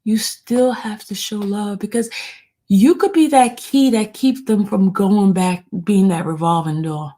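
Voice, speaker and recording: A woman's voice: medium pitch, unhurried, mellow. A middle-aged woman hosting a casual, emotional chat, talking straight to her viewers as "y'all.". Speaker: livestream host.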